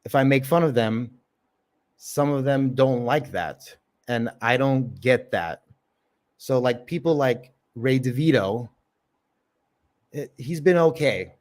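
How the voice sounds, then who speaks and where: A man's voice: medium pitch, takes it slowly, long pauses, a little mellow. Man, open mic comic, casual livestream host, rambling, cursing, lots of fillers. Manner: rambling, profane, filler-heavy.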